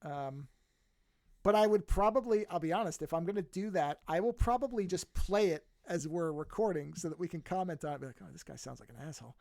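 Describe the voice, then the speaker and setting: High-voiced rambling podcast host, dry mic. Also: male voice, brisk, a little mellow, dry recording. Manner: rambling, self-amused, many restarts. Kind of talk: casual chat.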